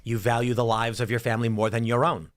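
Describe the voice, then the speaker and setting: A man with a medium-pitched voice talks fast as he hosts a political panel podcast. He's animated, working through hypotheticals and acting out the voices in them.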